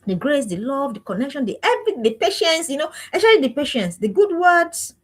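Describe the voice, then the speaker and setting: A woman's voice: high voice, big pitch swings, fairly quick. A woman giving an emphatic, preachy parenting talk with lots of repetition. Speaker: parenting coach.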